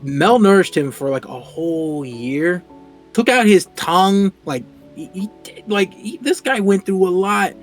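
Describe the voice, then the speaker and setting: Animated young-sounding podcast guy. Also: sits high, measured pace, soft background music. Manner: animated, laughs often, repeats words when excited. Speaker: podcast co-host. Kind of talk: casual podcast chat.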